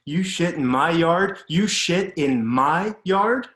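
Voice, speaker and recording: A man reading aloud puts on a raging middle-aged father, a former soldier who barks his commands high and loud. The sound rings around a room with a clear echo. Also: expressive, slow pace. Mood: yelling. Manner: barking, commanding. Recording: roomy echo.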